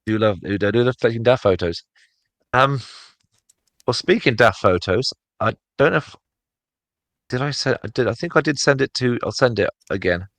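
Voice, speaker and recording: A man's voice: medium pitch, lively intonation, moderate pace, long pauses, fairly bright tone, no room sound. A man co-hosting a casual podcast chat, rambling with many fillers and restarts. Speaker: podcast co-host.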